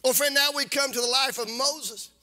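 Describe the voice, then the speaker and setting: A man preaching a sermon as pastor, impassioned, with a sing-song cadence that rises into shouts and repeats words for emphasis. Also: very high-pitched, fairly even intonation, moderate pace.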